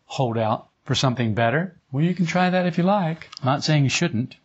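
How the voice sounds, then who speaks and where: A man's voice: a little high, animated, moderate pace, husky. A man teaching a group in an informal spiritual talk, conversational and chuckling often. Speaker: esoteric teacher. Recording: dull lo-fi recording.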